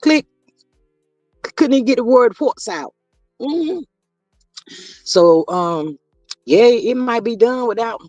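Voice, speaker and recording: A man's voice: extremely high pitch, expressive, measured pace, long pauses, darkish tone, no echo, dull audio, faint music behind. A man hosting a casual gossip livestream, chatting to viewers and reading their comments aloud. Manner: chatty, reads viewer comments aloud, drawling asides to chat. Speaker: livestream host.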